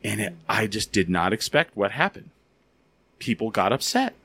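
A man hosting a podcast, telling stories in a casual, animated, rambling way with a lot of filler words. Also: fairly low pitch, moderate pace, slightly rough, no room sound. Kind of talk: casual storytelling and interviewing.

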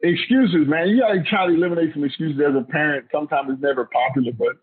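Man, middle-aged, interview guest, husky, emphatic storyteller, tinny phone-like sound. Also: a little high, fast. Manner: animated storyteller, repeats himself, emphatic. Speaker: guest, former pro football player.

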